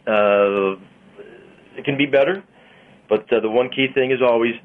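A man hosting a radio segment, chatting in a rambling way with many pauses and fillers. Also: mid-range voice. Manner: rambling, lots of uhs, chatty. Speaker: radio host and car dealer. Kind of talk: casual radio banter. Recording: dull lo-fi radio sound.

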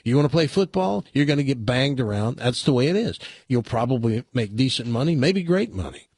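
A radio talk host speaks his mind bluntly, in a folksy, argumentative way. His pitch swings widely, and his voice carries a faint husk. The close studio mic sounds dry. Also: sing-song, fairly quick, a little mellow, husky, no room sound. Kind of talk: casual opinion talk and joke telling.

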